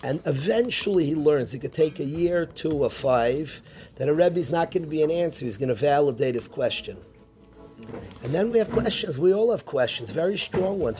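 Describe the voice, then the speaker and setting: A man teaching an informal Torah class as a rabbi, animated, firing rhetorical questions and mixing Hebrew terms into his English. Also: a little high, slight background noise.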